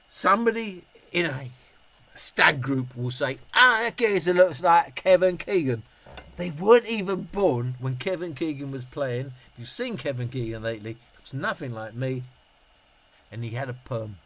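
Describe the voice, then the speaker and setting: A tipsy middle-aged man, rambling, swearing and laughing as he answers viewer comments on a live stream. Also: mid-range voice. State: tipsy from drinking. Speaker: YouTube reviewer on a live stream.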